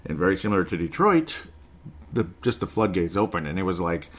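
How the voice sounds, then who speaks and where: A man's voice: sits low, big pitch swings, a little fast. A man in his forties hosting a basketball show, ranting sarcastically about a game in casual commentary. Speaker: basketball podcast host.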